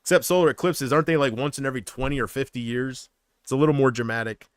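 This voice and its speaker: A man's voice: medium pitch, fast talker, clean tone, no room sound. A man on a casual livestream, rambling and unsure, drifting between thoughts while he answers viewer comments. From United States.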